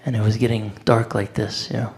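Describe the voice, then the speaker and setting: A devotee speaker with a gravelly, creaky voice tells an anecdotal story in a loose, conversational way, animatedly acting out what others said, with filler words in between. His voice is on the low side and his pace brisk.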